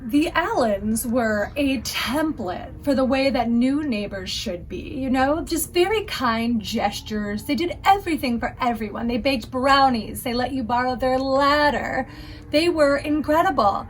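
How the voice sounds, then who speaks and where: An actress playing a gossipy, wry neighbor, recounting rumors in a mock true-crime interview. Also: female voice, high-pitched, expressive, a little slow, a little hiss or hum. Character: gossipy middle-aged woman neighbor, wry.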